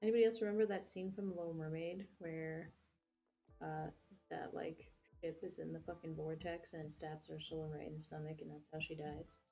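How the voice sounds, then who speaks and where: A young woman hosts a livestream and chats as she works, wandering from thought to thought with plenty of "like" and "uh" and frequent cursing. Her voice sits a little low for a woman, with soft music playing faintly underneath. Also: fairly even intonation, a little fast, creaky. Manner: rambling, heavy swearing, lots of fillers. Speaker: livestream host. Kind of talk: casual chat while crafting.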